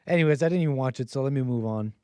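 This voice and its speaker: A man in his thirties hosts a call-in livestream in a loose, rambling way, chuckling as he reads viewer messages aloud. His voice has a mellow, darker tone. The recording is dry and close, with no room sound. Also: mid-range voice, rapid-fire, clean tone, dry recording. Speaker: host of a call-in stream. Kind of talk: casual livestream commentary.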